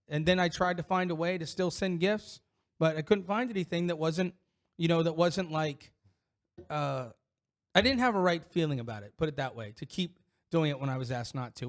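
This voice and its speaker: A middle-aged man with a fairly high-pitched voice, co-hosting a casual podcast. He talks candidly and rambles, circling back with fillers and false starts as he tells personal stories. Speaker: podcast co-host. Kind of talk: casual chat.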